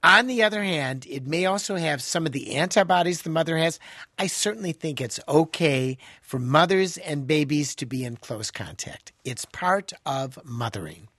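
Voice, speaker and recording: Chatty radio doctor with lively pitch. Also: male voice, moderate pace, no room sound, studio quality. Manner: chatty, digressive, lively asides, laughs easily. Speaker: radio health show host, family doctor. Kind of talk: conversational radio talk.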